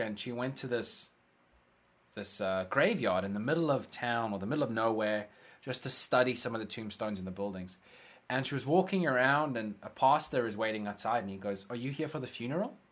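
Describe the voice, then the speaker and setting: Man telling a rambling story. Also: mid-range voice. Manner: animated, swearing, acts out quoted people. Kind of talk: casual storytelling chat.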